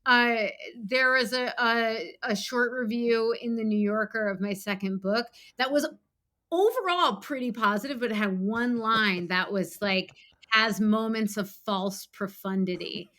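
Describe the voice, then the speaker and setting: A woman's voice: fairly high pitch, unhurried, bright, forceful tone. A middle-aged woman author in a casual interview, talking with lots of "like" fillers and now and then acting out her own inner voice. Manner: frequent "like" fillers, acts out her inner voice in bursts. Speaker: author guest.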